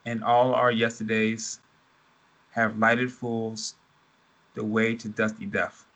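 A man co-hosting a casual chat, reading a speech aloud in a slow, measured way. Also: lowish voice, little pitch movement, a bit bright, low-quality recording.

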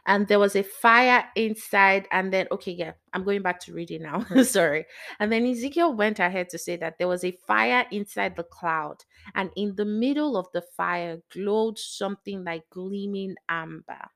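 A woman talking casually to her viewers about her faith, rambling and excitable, with many fillers and asides. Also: fairly low pitch, normal speed, creaky. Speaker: faith vlogger. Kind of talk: casual devotional talk to viewers.

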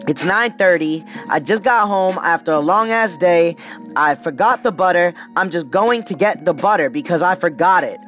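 A man doing a calm, weary husband. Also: high voice, normal speed, faint music behind.

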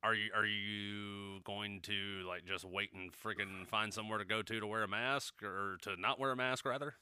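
A man's voice: on the low side, steady tone, moderate pace, pushed and bright, clean tone, dry recording. A man co-hosting a podcast in casual chat, joking and rambling, swearing freely. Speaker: podcast co-host.

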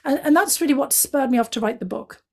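A woman from Northeast England with a Northeast English accent, a guest telling stories from her life in a chatty way, full of "you know" and lively quotes of other people. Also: high voice, quick pace, vocal fry. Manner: chatty, many "you know" fillers, animated quoting of others. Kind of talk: reflective storytelling in conversation.

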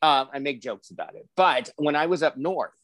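A man of about sixty tells a long personal story in a casual podcast chat, with a voice a little higher than most men's. He slips into different voices to act out what people said. The recording is dry and close, with no room sound. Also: normal speed, no echo. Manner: animated storyteller acting out quoted voices. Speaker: podcast host.

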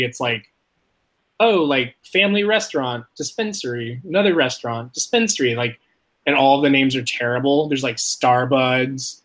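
A young man telling a story casually, rambling and swearing, filling his talk with "like" and jumping up in pitch when he quotes himself. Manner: rambling, profane, heavy use of "like"; animated, jumps high when quoting himself.

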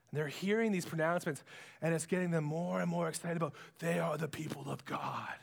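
A male preacher retells a Bible story as a sermon in a high voice. He swings dramatically between hushed lows and excited peaks, and his voice trails off in the long reverb of a large hall. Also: fairly quick, gravelly.

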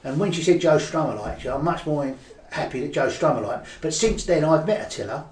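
A man's voice: fairly high pitch, expressive, brisk, a little mellow, a little hiss or hum. Older Cockney man, roomy and distant. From East End of London. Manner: rambling storyteller with many fillers and restarts. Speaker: guest poet. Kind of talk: casual interview chat. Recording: echoey room, away from the mic.

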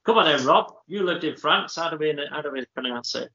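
A man co-hosting a podcast, reading listener shout-outs in an upbeat, jokey way. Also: fairly high pitch, expressive, fairly quick, lo-fi sound. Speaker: podcast co-host. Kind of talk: casual chat.

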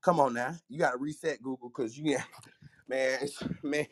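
A man's voice: medium pitch, measured pace, slight background noise. A man, preaching fervently on his own podcast, repeating his phrases and breaking into praise.

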